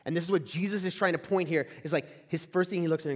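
Talking fast with hardly a pause, a young campus ministry speaker with a slightly high voice tells stories in a casual sermon. His live audience fills a large hall whose echo colors the recording, and he stays chatty, leaning on "like" and asking the room questions.

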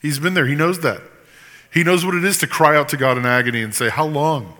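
A man's voice: a little high, quick pace, bright, forceful tone. Earnest male preacher in a big hall. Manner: earnest, rises to impassioned pleading at times. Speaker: pastor. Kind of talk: sermon.

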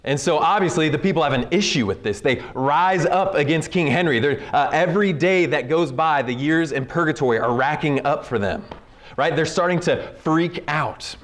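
A man preaching a sermon at a conference, conversational and earnest, often checking in with "right?" and dropping low and quiet to stress a point. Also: normal speed. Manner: conversational and earnest, with frequent asides and repeated "right?"; drops to a low, quiet voice for emphasis. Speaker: conference speaker.

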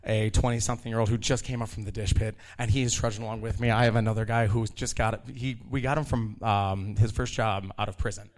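A man in his thirties telling a live story about working in a kitchen, animated and laughing, acting out the people he quotes. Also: fairly low pitch, fast talker, hardly any pauses.

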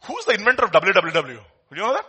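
A man from India delivers a sermon in a bright, slightly raised voice with a husky edge. He swings between loud, emphatic bursts and hushed, confiding asides, pushing key words hard. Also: sits high, wildly swooping pitch, quick pace. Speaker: preacher.

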